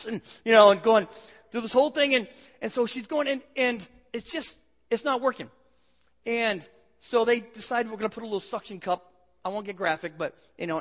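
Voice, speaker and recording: Pastor, male, 40s, humorous storyteller, muffled recording. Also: extremely high pitch. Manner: humorous storytelling, self-deprecating. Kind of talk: sermon. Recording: dull sound with long hall reverb.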